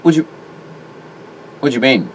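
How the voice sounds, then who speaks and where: A man co-hosting casual banter, firing off quick, sweary wisecracks. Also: medium pitch, big pitch swings, breathy edge, rough recording. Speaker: co-host.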